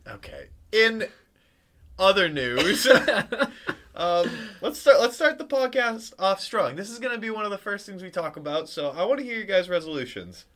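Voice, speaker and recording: Podcast host dude, crude jokey banter, bright voice that jumps all over. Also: male voice, high-pitched, sing-song, moderate pace. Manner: crude, joking trash talk.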